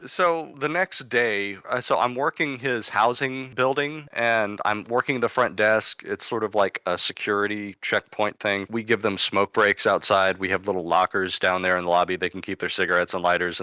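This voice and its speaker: Bright-voiced, rambling young man telling stories. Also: on the low side, smooth, no echo. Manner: rambling, filler-heavy, loud and animated when acting out scenes. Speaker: storyteller guest recounting work stories. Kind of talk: casual storytelling. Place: online voice chat.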